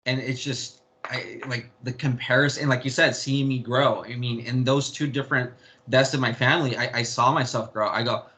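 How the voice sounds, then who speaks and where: In an interview, a young man speaks candidly about his family, rambling, restarting, and letting slip the occasional swear word. His mid-range voice is bright and forceful, with fairly even intonation at a normal speed.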